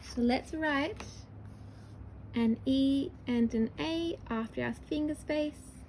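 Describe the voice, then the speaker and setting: In an early-years writing lesson, a woman teacher slowly and patiently sounds out words syllable by syllable for young children, encouraging them. Her voice is high yet mellow and soft. The audio is poor, with a faint background hiss.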